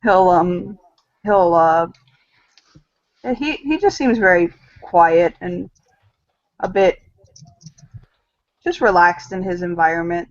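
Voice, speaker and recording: Woman game master, halting narration, tabletop game, lo-fi sound. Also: fairly low pitch, dry recording. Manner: hesitant, many ums while describing. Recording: dull lo-fi recording.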